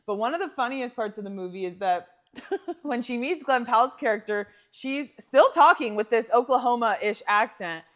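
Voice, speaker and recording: A woman co-hosting a podcast in casual chat, telling stories with lots of laughter and animated asides. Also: on the high side, moderate pace. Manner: animated storyteller, laughs often, acts out quoted lines. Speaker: podcast co-host.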